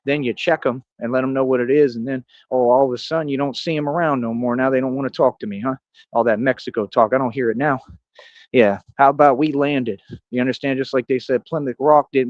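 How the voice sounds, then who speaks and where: A man's voice: medium pitch, steady tone, a little fast, dry recording, highs cut off. A man streaming a rambling monologue, boastful and confrontational, full of street slang and tough talk. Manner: coos softly at a cat.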